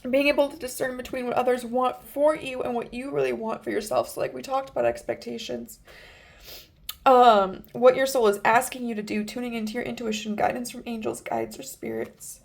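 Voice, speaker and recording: A woman giving a pick-a-card tarot reading, gentle and earnest, with many fillers and restarts. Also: on the high side, normal speed, gravelly. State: emotional, near tears. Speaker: tarot reader.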